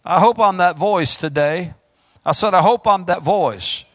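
A man's voice: high-pitched, wildly swooping pitch, unhurried, vocal fry, a bit bright, no room sound. A man preaching an impassioned sermon, calling out to his congregation.

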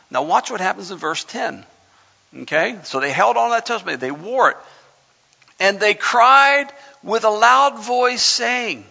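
Gravelly, bright-voiced male preacher. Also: high-pitched. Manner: emphatic, conversational preaching with dramatic scripture reading. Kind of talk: sermon. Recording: lo-fi sound in a reverberant hall.

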